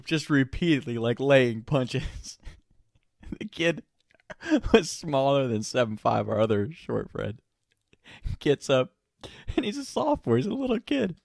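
A man's voice: medium pitch, big pitch swings, unhurried, gravelly, long pauses, a little mellow, dry recording, clean studio sound. A young man casually telling a funny story, laughing often and swearing freely.

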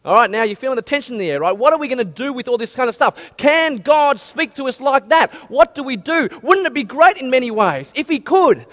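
A male pastor preaching a lively sermon and asking his listeners many questions. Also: very high voice, fast, hardly any pauses. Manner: animated, asks the audience many questions. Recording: long hall reverb.

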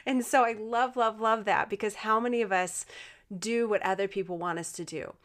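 A woman's voice: mid-range voice, steady tone, normal speed, a bit bright. A woman giving a casual motivational talk, speaking earnestly and encouragingly to her listeners, with plenty of fillers and restarts. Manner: chatty with frequent fillers and restarts.

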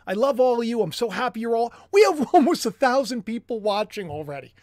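A man hosting a livestream commentary show, excitable and animated, chatty with jokey asides. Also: very high voice, a little fast, no room sound, clean studio sound. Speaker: host.

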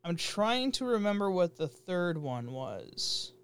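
A man's voice: high-pitched, very animated, takes it slowly, smooth. A man co-hosting a casual gaming chat, rambling and joking with frequent laughter and fillers. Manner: jokey, laughs often, rambling with many fillers.

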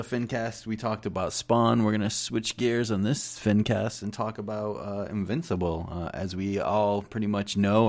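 A man co-hosting a podcast, introducing a discussion topic in a halting, thinking-aloud way. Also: low-pitched. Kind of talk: casual chat.

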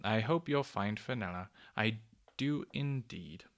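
A man voicing a kindly, motherly old female cuckoo bird who talks slowly and gently. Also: on the low side, expressive. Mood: cozy.

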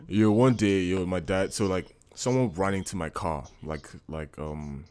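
A young man from Nigeria co-hosting a casual podcast, telling animated stories full of swearing and laughter. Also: low voice, measured pace, clean tone. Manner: animated storytelling, profane, laughing. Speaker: podcast co-host. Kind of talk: casual chat.

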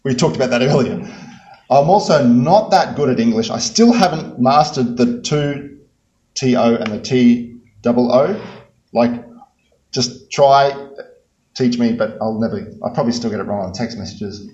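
A man preaching a sermon, emphatic, repeating key phrases and swinging between loud bursts and hushed lines. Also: mid-range voice, normal speed. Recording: roomy, dull-sounding hall recording.

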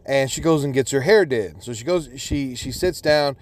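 A man's voice: mid-range voice, normal speed, no room sound. A man telling a personal story in a casual, profane, rambling way, full of restarts.

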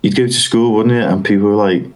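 A man's voice: lowish voice, steady tone, quick pace. A man in crude casual banter, mocking and sarcastic toward his friends.

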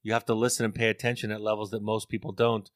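A man's voice: fairly low pitch, little pitch movement, quick pace, no room sound. Earnest middle-aged man, dry close mic. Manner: earnest, storytelling, repeats words as he thinks. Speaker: therapist and author. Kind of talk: reflective interview talk.

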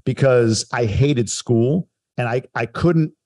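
A man's voice: mid-range voice, slow, darkish tone. Man reflecting on his past. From Long Island, New York. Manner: reflective, self-deprecating storytelling with laughs. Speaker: guest telling his life story. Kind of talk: casual podcast conversation.

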